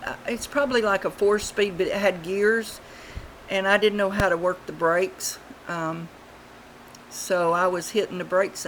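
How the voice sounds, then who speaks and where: A woman, telling childhood stories in a rambling, unhurried way with many fillers, recorded on a webcam at home. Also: lowish voice, a bit bright, a little hiss or hum, poor audio. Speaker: vlogger. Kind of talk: casual storytelling.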